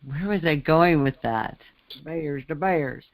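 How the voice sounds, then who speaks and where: A Midwestern American man co-hosting a podcast chats casually, restarting sentences and drifting into asides. His voice is fairly high and a little slow, with no echo.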